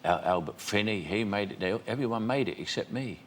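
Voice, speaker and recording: A man's voice: lowish voice, animated, brisk, slight background noise. An older man, a talk show guest, telling chatty stories and acting out quoted dialogue with frequent laughs. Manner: chatty storyteller, quoting dialogue, laughing often.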